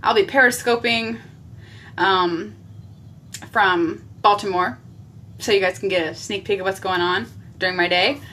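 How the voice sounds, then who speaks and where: A woman's voice: medium pitch, measured pace, long pauses, sharp tone, a little hiss or hum. A woman chatting on a live makeup stream from a small basement bathroom, talking into a phone camera and answering viewer comments as she goes. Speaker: makeup livestreamer. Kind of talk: casual live-stream chat.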